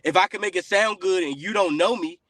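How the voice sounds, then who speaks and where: A man hosting a casual podcast, rambling with lots of fillers and often trailing off quietly. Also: high-pitched, brisk, no room sound. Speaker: podcast host.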